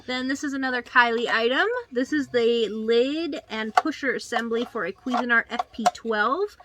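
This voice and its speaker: A woman's voice: a little high, moderate pace, background noise. A woman co-hosting a reselling vlog, cheerfully showing off sold items and telling viewers what each one went for. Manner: upbeat, says "guys" often. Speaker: co-host of a reselling channel.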